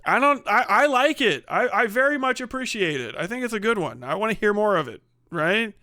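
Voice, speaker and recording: Bright, profane middle-aged male streamer. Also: high voice, lively intonation, fairly quick, no echo, clean studio sound. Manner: profane, rambling, laughs often. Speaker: live streamer. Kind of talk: casual stream chat reading donations.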